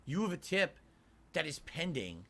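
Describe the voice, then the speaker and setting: A man co-hosting a casual livestream chat, telling rambling stories in an animated way with plenty of filler words. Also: on the high side, normal speed, gravelly.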